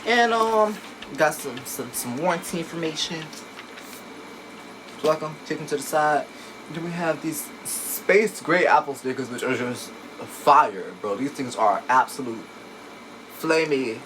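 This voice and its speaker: Excitable man gushing over a new laptop. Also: a little high, a little hiss or hum, low-quality recording. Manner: excitable, gushing, chatty with exclamations. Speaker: tech unboxing vlogger. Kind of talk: casual unboxing chat. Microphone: phone camera. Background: background music.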